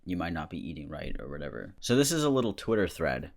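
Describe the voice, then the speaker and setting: A man's voice: sits low, big pitch swings, fast, vocal fry. A man giving casual, sarcastic commentary as a YouTuber reacting to screenshots. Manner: sarcastic, mocking.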